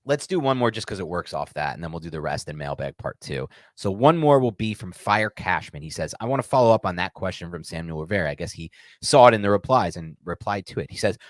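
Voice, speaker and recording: A man's voice: low-pitched, expressive, brisk, dry recording. A man co-hosting a sports podcast, talking frankly and animatedly and acting out quotes. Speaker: podcast co-host. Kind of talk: casual sports chat.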